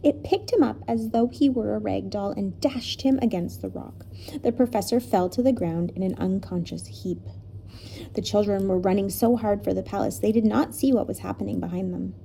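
A woman reading a children's story aloud in an expressive, dramatic way. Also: medium pitch, moderate pace, vocal fry, slight background noise.

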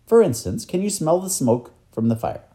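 A man's voice: fairly high pitch, big pitch swings, moderate pace, dark tone, voice pushed up. A man voicing a kindly older male professor in a storybook, speaking in an encouraging, teacherly way.

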